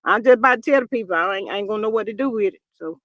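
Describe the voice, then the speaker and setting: A woman's voice: medium pitch, rapid-fire, no echo. A woman hosting a livestream, chatting casually and playfully while reading out names from her chat. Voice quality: animated, playful. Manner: chatty, folksy, reads chat names aloud. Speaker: livestream host.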